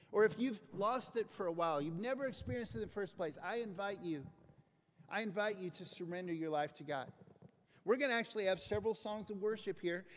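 A man preaching a conversational, earnest sermon in a church. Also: high-pitched. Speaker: pastor. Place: church sanctuary. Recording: echoing hall, faint noise.

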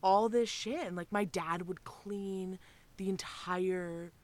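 A woman co-hosting a podcast, chatting in a relaxed way and swearing now and then. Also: mid-range voice, slow pace. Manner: relaxed, casual, drops swear words. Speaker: podcast co-host. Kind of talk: casual chat.

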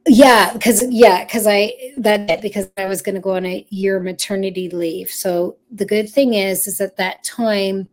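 A chatty woman in her thirties telling stories as a guest on an interview show. She talks at a middling pitch, laughs easily and often backtracks to fix a detail. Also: steady tone, measured pace, few pauses. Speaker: children's TV performer, guest. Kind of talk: casual interview storytelling.

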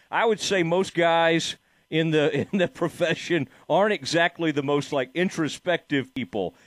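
A man's voice: a little high, no echo, studio quality. A man hosting a sports radio show, chatting loosely with many fillers and restarts. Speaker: radio sports talk host. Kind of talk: casual sports radio interview.

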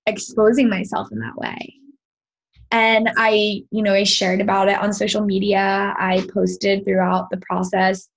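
Breathy woman telling a heartfelt story. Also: mid-range voice, a little slow, poor audio. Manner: earnest, animated storytelling with quoted dialogue. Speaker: podcast guest, sound healer. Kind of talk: personal storytelling in an interview.

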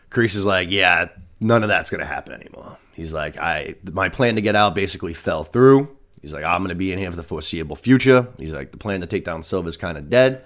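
A man's voice: deep voice, animated, fairly quick, a bit bright. A man hosting a podcast, recapping a TV season in casual, profane chat full of "you know what I mean". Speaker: podcast host.

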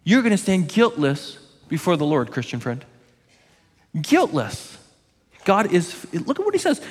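A male pastor preaching an earnest, emphatic sermon, pausing on key words for weight. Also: high-pitched, huge pitch swings, breathy edge, big-room sound.

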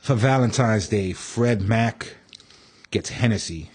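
A man's voice: lowish voice, slow, breathy edge. A man hosting a casual podcast, telling stories with acted-out voices and sound effects. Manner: animated storyteller, acts out voices and horn sounds. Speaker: podcast host.

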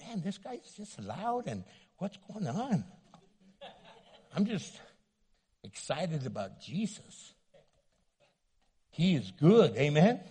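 A man preaching a sermon as pastor, loud and animated, joking and acting out little scenes. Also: fairly high pitch, slightly rough, big-room sound. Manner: loud, animated, playful with acted asides. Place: church sanctuary.

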